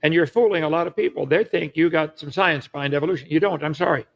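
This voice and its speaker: Gravelly lecturing man, lo-fi clip. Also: fairly high pitch, fast talker. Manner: assertive, lecturing. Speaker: creationist speaker.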